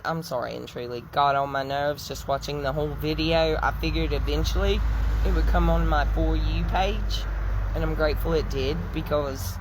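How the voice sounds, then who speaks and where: A middle-aged woman with a lowish voice delivers impassioned stitch commentary on social media, telling a personal story with emphatic indignation. There is slight background noise.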